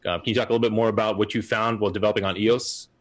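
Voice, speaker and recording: Low-voiced man hosting a chatty podcast. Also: fairly even intonation, racing. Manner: rambling, chatty storytelling. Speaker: podcast co-host. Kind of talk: casual podcast chat.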